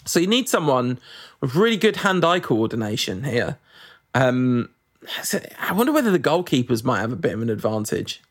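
A man's voice: medium pitch, very animated, moderate pace, breathy edge. A man hosting a casual football podcast, reading out listener questions with wry asides. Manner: chatty, wry, reads out listener messages with asides.

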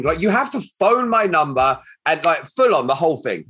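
A man's voice: sits high, fairly quick, hardly any pauses, husky. A man hosting a podcast, chatting casually and acting out the people in his stories. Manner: animated storyteller, acts out quoted dialogue. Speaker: podcast host.

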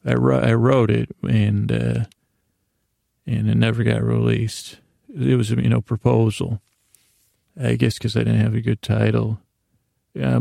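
A podcast host rambles through a casual recap of a show he watched, meandering, often correcting himself, and reading his notes aloud. His gravelly, mellow voice sits mid-range and runs a little slow with long pauses. The recording is clean studio sound with no room sound.

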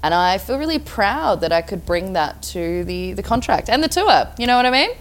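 A woman's voice: mid-range voice, big pitch swings, normal speed. An Australian woman co-hosting a casual podcast, upbeat and teasing. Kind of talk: casual chat.

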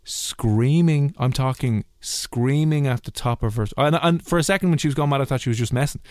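A man's voice: fairly quick, few pauses, no echo, studio quality. A man hosting a casual radio chat, telling stories animatedly and acting out what others said. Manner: animated storytelling, voices others with big pitch jumps. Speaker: radio host.

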